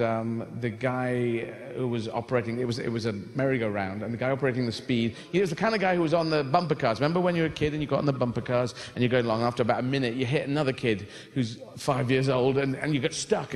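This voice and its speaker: A male stand-up comedian telling rambling, animated stories on stage, swearing freely and slipping into voices. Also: mid-range voice, a little fast, few pauses.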